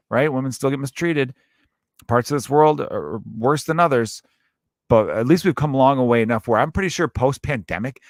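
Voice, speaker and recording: A man's voice: medium pitch, dry recording, studio quality. A man hosting a comedy podcast, ranting solo in a profane, rambling way and slipping into voices for his stories.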